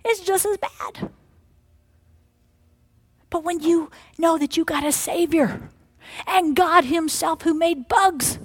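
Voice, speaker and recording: High-pitched woman preaching with dramatic swings. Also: takes it slowly, pauses often, no room sound. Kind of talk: sermon.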